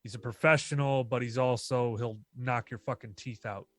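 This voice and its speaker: This man co-hosts a podcast, chatting casually in a loose, rambling way and swearing freely. His mid-range voice holds a fairly even intonation at a normal speed.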